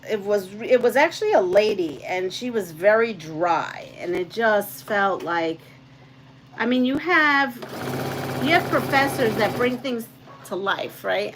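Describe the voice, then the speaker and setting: A woman's voice: mid-range voice, noisy background. A woman hosting a quilting channel, chatting casually, laughing often and reading out trivia questions. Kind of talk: casual chat while quilting.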